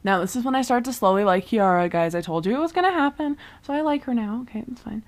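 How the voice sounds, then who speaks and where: A young woman casually recapping a TV season, chatty and full of fillers, quickly acting out the characters' lines as she goes. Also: a little high, expressive. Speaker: vlogger recapping a TV show.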